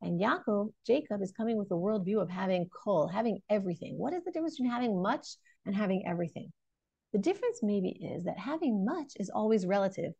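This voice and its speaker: In an online Torah lesson, a woman in her thirties thinks aloud, animated and questioning, restarting sentences and using many fillers. She talks fast at medium pitch with vocal fry and a slightly rough edge, in a lo-fi recording with no room sound.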